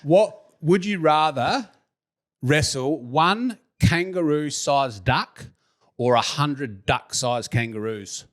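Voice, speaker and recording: An Australian man hosts a relaxed podcast interview. He jokes and laughs often as he runs through quick-fire questions in a casual, chatty way. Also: fairly high pitch. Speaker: podcast host.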